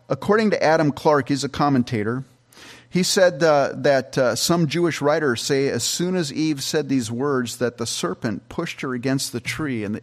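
A middle-aged man, a pastor, giving a conversational Bible-teaching sermon with frequent restarts and fillers. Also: mid-range voice.

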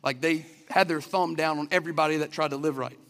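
A man's voice: fairly high pitch, fairly even intonation, fast, fairly bright tone. A man preaching a sermon in an earnest, conversational way, often restarting his sentences. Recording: long reverb of a hall.

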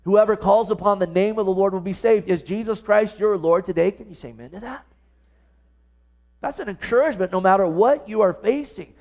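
A pastor with a fairly high, slightly mellow voice preaches briskly at a church service. He's earnest and keeps asking his congregation direct questions.

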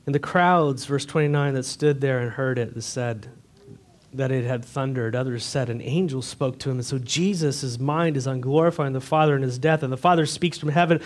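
A man's voice: mid-range voice, moderate pace. A man preaching a sermon to his church, earnest and direct, asking the congregation rhetorical questions. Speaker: pastor.

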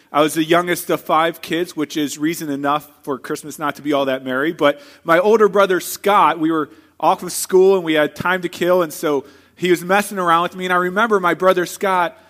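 A man with a fairly high voice preaching a sermon. He talks in a relaxed, storytelling way and keeps turning to the congregation with rhetorical questions. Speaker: pastor.

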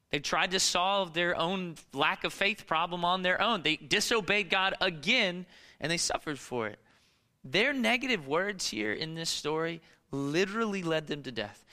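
A male pastor preaches in a lively, conversational way, tossing in casual asides and rhetorical questions. His voice is very bright and forward, pitched a little higher than most men. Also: in a large hall. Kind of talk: sermon.

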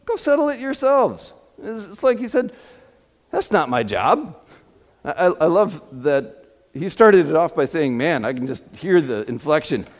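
A male pastor preaches in a high, animated voice that rises and falls widely. He tells his stories with frequent fillers and restarts. The sound carries the long reverb of a large hall. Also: measured pace. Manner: storytelling with repeated fillers and restarts. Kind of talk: sermon.

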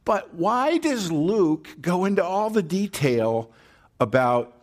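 Man, pastor, sermon, unhurried delivery, lively intonation, rhetorical questions. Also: sits high. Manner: animated preaching, slow and deliberate with drawn-out words; rhetorical questions and check-ins like "all right?".

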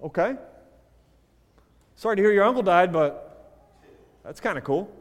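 A man preaching a sermon as pastor, swinging from loud emphasis to quiet asides and telling a joke story. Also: high-pitched, lively intonation, a little slow, big-room sound. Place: church sanctuary.

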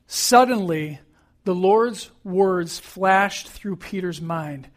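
Guy pastor preaching, chatty storytelling, fairly high voice. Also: extremely slow. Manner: conversational storytelling. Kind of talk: sermon.

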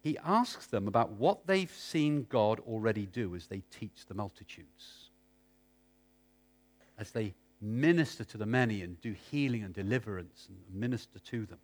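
A man's voice: fairly low pitch, very animated, measured pace, long pauses. A man preaching a sermon, urging his listeners with repeated questions.

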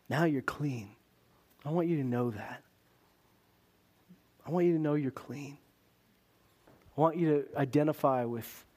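A man preaching a sermon, swinging between loud emphasis and quiet intensity. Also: mid-range voice.

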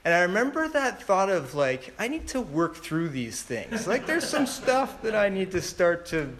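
A man's voice: high voice, sing-song, moderate pace, crowd noise. A man in his thirties giving a personal testimony in a rambling way, with many fillers and restarts. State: tearful. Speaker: speaker sharing a testimony.

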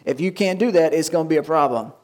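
A man pastor giving a lively sermon, acting out quoted voices and asking the congregation questions. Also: on the high side, fast talker. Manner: animated preaching, acts out quoted voices.

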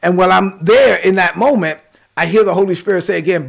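A man with a Brooklyn accent preaching and telling a story, acting out quotes with bursts of shouting. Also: sits high, a little fast, gravelly. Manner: animated storyteller, acts out quotes, sudden shouts. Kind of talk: sermon-style storytelling. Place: livestream with chat.

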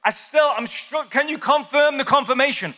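A fretful male disciple who frets and stalls, pleading again and again for reassurance, as a preacher puts him on. The voice sits high and bright, with a long hall reverb trailing behind. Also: normal speed, faint music behind. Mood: nervous pleading. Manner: pleading, comically hesitant.

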